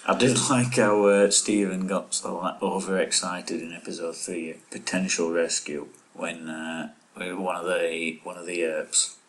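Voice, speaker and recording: A man co-hosting a casual chat podcast. He talks in a playful, jokey way and is quick to laugh. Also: sits low, fairly even intonation, poor audio. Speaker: podcast co-host.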